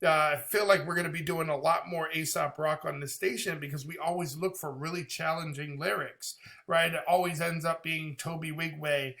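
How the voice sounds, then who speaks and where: A man's voice: a little high, normal speed, vocal fry. A man in his thirties hosting a music reaction channel, chatting casually and animatedly. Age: 30s. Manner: animated, talkative, breaks into impressions. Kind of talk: casual reaction vlog chat.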